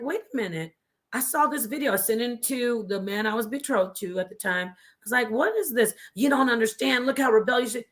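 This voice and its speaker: A woman's voice: on the high side, bright, forceful tone. A woman guest telling her story on a talk show, passionate and preachy, sometimes dropping to a whisper for emphasis. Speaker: guest, former member of a religious group.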